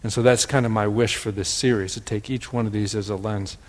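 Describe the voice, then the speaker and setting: A man with a Wisconsin accent giving a gentle, pondering spiritual teaching, often repeating words for emphasis. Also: lowish voice, steady tone, fairly quick, long reverb tail.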